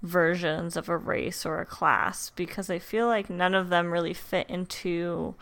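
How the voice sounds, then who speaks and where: A woman co-hosting a casual podcast chat, easygoing and quick to laugh. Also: lowish voice, level tone, fairly bright tone.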